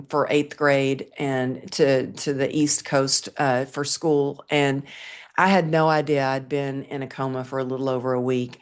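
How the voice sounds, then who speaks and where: A middle-aged woman, a guest on an interview show, telling a personal story in an earnest, vivid way. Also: very deep voice.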